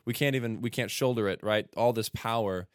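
A man's voice: medium pitch, fairly quick, no echo, clean studio sound. A man, apparently American, co-hosting a casual podcast chat and eagerly explaining the theology of a hymn at length. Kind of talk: casual chat about hymns.

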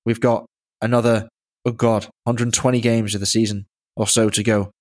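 Dry-humored English podcast host. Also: male voice, lowish voice, flat delivery, moderate pace. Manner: dry, self-mocking humor. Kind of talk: casual podcast banter.

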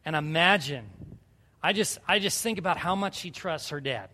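Pastor guy, 30s, fairly high voice, chatty sermon that gets fervent, big echoey church. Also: animated, normal speed, sharp tone. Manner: earnest, conversational preaching, building to fervent appeals. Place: church sanctuary. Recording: reverberant hall.

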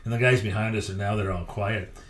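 Fast-talking deep-voiced veteran coach. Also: male voice, echoey room. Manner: lively anecdotal storyteller, quick delivery. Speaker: hockey coach, podcast guest. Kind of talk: storytelling interview.

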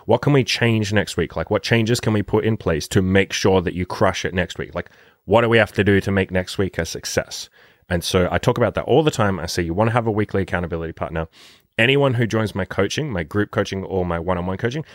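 Brief: young male dating coach, deep voice, dry close sound, blunt and profane. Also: dry recording. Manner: blunt, profane, rambling with many fillers. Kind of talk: casual vlog monologue.

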